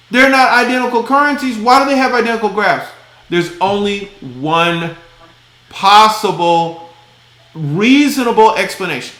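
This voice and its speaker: High, bright-voiced man ranting about charts. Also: echoey room. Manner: emphatic, exasperated, folksy, cusses. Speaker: crypto channel host. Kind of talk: casual market commentary.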